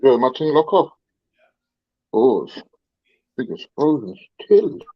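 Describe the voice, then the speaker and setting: A man's voice: mid-range voice, sing-song, measured pace, no echo, dull audio. A man on a live online panel who jokes and laughs through casual banter. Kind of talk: casual live-stream chat.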